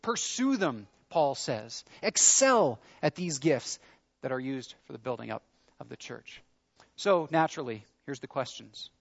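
A man's voice: medium pitch, expressive, unhurried, vocal fry, highs cut off. A man preaching a sermon in an earnest, conversational way, leaning into his questions. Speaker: pastor.

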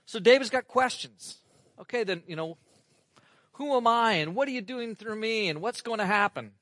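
A man preaching an earnest, animated sermon as pastor, reading scripture and exclaiming over it. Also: sits high, normal speed, no echo.

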